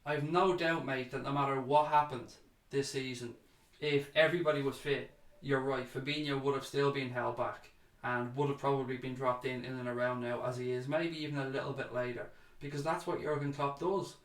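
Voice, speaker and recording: A man's voice: medium pitch, fairly even intonation, moderate pace, few pauses, fairly bright tone, roomy sound. A man hosting a casual fan chat livestream, reading out viewer comments and chatting back to them, calling people mate.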